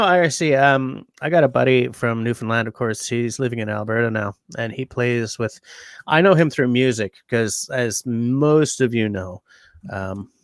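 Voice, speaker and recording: A man's voice: on the low side, dry recording, studio quality. A man hosting a casual livestream, chatting and joking in a rambling way. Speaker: livestream host.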